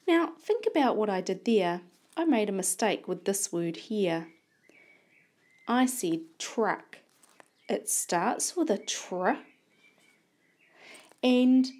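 A woman teacher modelling reading aloud for young children, thinking aloud in a deliberate way as she corrects her own mistakes. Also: mid-range voice, darkish tone.

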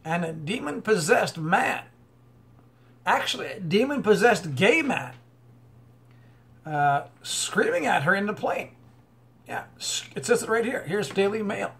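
A man's voice: high-pitched, sing-song, a little slow, fairly bright tone. A man giving unscripted commentary on news stories, rambling with many fillers and restarts, turning preachy as he goes. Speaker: online commentator.

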